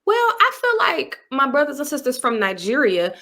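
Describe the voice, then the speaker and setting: A woman guest on a podcast, talking in an animated, expressive way about speaking and laughing easily. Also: high voice, normal speed. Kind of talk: casual interview.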